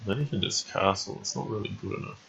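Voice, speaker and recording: Man, deep voice, forceful tone, chess stream commentary, thinking aloud, muffled lo-fi audio. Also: gravelly, slight background noise. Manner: thinking aloud, calm and measured, frequent ums and uhs. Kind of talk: live game commentary.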